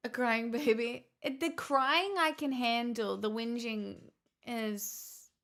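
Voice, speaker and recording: A woman's voice: a little high, fairly even intonation, slow, a bit bright. A woman streamer in casual chat, rambling and laughing often as she tells stories.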